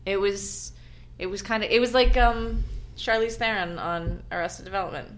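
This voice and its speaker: A woman's voice: medium pitch, normal speed. A woman chatting casually about a film with friends, acting out the characters' lines as she goes. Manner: animated, acts out characters' lines. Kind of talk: casual movie review chat.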